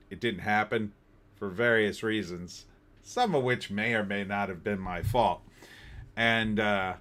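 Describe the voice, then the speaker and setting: A man with a fairly low voice hosts a relaxed livestream. He chats loosely about his week and reads viewer comments aloud as he goes. He sounds middle-aged and is from New Jersey. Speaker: livestream host. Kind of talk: casual livestream chat reading comments.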